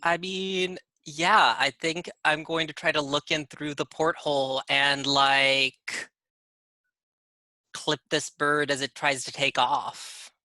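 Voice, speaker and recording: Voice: medium pitch, little pitch movement, slow, bright, forceful tone, no echo. A player in a tabletop game, talking casually and carefully asking for clarification.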